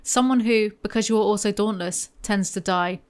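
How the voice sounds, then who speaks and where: A woman's voice: mid-range voice, moderate pace, smooth, natural voice. Wary woman warning a recruit, read by a woman, plain read-aloud delivery, grave warnings.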